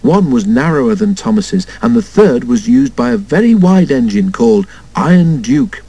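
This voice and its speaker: A man reading a children's storybook aloud in an expressive way, doing all the character voices himself. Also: medium pitch, moderate pace, breathy edge, poor audio. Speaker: storybook narrator.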